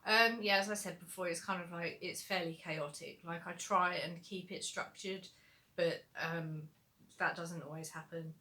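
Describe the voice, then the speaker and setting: A woman's voice: fairly low pitch, fairly even intonation, moderate pace, pushed and bright. A young adult woman, an author answering viewer questions in a casual livestream Q&A, chatty and rambling with lots of fillers.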